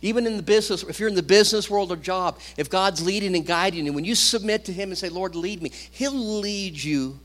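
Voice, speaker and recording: Man, pastor, sermon, middle-aged, fairly high pitch, lively swings in loudness. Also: fast, hardly any pauses. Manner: animated preaching, rising and dropping loudness.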